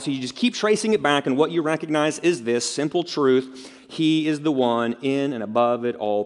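A man preaching a sermon as pastor, conversational and direct, with rhetorical questions and casual asides. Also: medium pitch. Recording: long reverb of a large hall.

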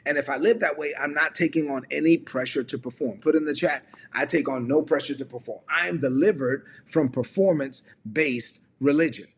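A man's voice: fairly high pitch, brisk, few pauses, breathy edge. A man preaching a livestreamed sermon as a pastor, repeating key phrases and calling on viewers to respond in the chat. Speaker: pastor and ministry leader.

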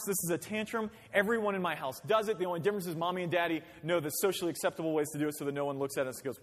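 A man pastor preaching a sermon in a conversational way, with rhetorical questions and acted-out quotes. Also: high voice. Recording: long hall reverb.

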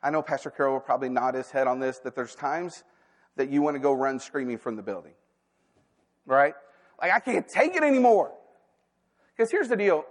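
A man's voice: high-pitched, in a large hall. A man preaching a sermon as a staff pastor, candid and conversational, with asides and quoted inner thoughts. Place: church sanctuary.

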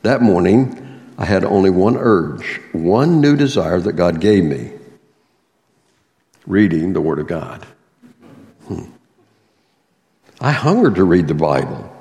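A man's voice: sits low, sing-song, takes it slowly, pauses often, warm tone. Man, pastor, earnest sermon, emphatic phrasing, reverberant church hall. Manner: earnest, reads aloud a testimony and scripture with swelling emphasis.

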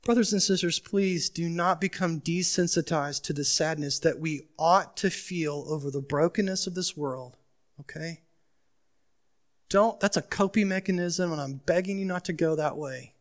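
At a moderate pace and a fairly high pitch, a male pastor preaches an emphatic sermon. He poses questions to the congregation, moving from loud urgency down to quiet pleading.

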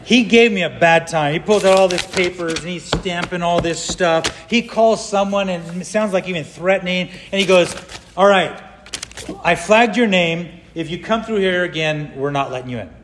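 High-voiced man preaching in a reverberant hall. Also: moderate pace, a bit bright, slight background noise. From California. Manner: storytelling, acts out the people he quotes. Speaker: pastor. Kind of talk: sermon with personal story.

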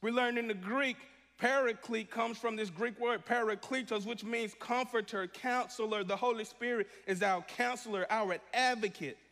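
Male pastor preaching, high voice, long church reverb; lively, shifts to a hushed voice for acted prayers. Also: normal speed. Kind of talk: sermon. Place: church sanctuary.

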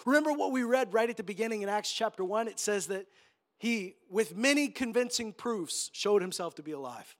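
A pastor giving a sermon in a conversational storytelling way that rises to emphatic moments. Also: male voice, high voice, animated, a little fast.

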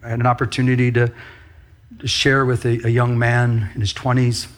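Speaking at a normal speed in a mid-range voice, a male pastor gives a conversational sermon. He's animated and talks directly to his congregation, throwing them frequent asides.

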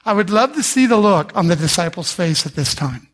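A middle-aged male pastor preaching a sermon, telling the story with humor and acting out the people in it, and rising to shouts for emphasis. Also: high-pitched, fairly quick. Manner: animated storyteller, acts out voices with humor.

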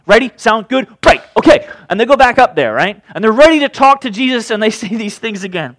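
A male preacher giving a sermon, retelling a scripture story in a casual, joking, animated way. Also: sits high, fairly quick, hardly any pauses, dry recording.

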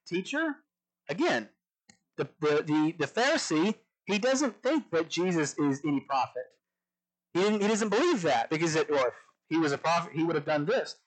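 A man's voice: fairly high pitch, low-quality recording. A young man giving a sermon in a conversational way, stumbling over restarts as he reads and questions scripture aloud. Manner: conversational with frequent restarts and asides. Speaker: preacher.

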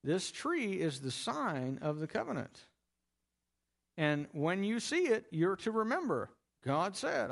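A man's voice: fairly high pitch, big pitch swings, moderate pace, vocal fry. A man teaching a Bible lesson in a conversational, emphatic way, explaining step by step.

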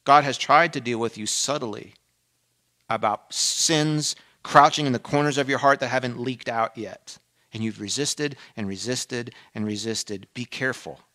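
A man preaching a sermon, dropping to a hush and then rising to emphatic peaks, acting out the people he quotes. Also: medium pitch, normal speed. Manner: swings between hushed and emphatic, acts out quoted voices. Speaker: pastor.

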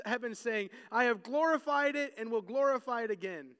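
A man preaching with a strikingly high, bright voice that rings out in a long-echoing hall. He delivers his sermon in an animated way and acts out the crowd's voices as he goes. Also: moderate pace, few pauses, smooth. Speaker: pastor.

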